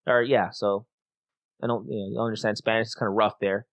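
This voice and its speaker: A man's voice: on the low side, flat delivery, fast, a bit bright, no echo. A man hosting a casual podcast, talking things through at length and reading out poll results. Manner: chatty, reasons things out at length. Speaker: podcast host.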